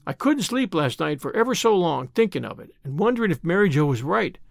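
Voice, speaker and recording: A man's voice: high voice, very animated, fairly quick, gravelly, no echo, studio quality, exaggerated voice. A man reading the part of an eager, earnest little boy with polite, old-fashioned speech.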